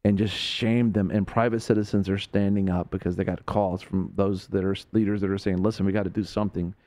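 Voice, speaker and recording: A man's voice: deep voice, level tone, fairly quick, darkish tone. A man hosting a Christian talk radio show, speaking in a preacherly way that rises to emphatic peaks.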